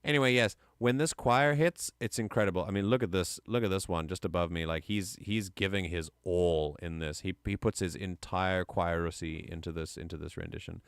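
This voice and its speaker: A male streamer talking on a live stream with a fairly low, smooth, resonant voice. He rambles with enthusiasm and keeps stopping to correct his own words. The sound is dry and close, with almost no room echo. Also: steady tone, brisk, few pauses. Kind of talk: casual live-stream commentary.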